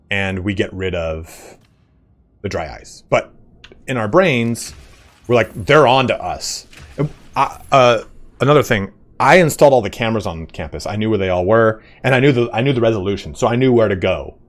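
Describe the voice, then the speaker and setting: A young man, a gaming streamer, telling a story in casual chat, animated and swearing often. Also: on the low side.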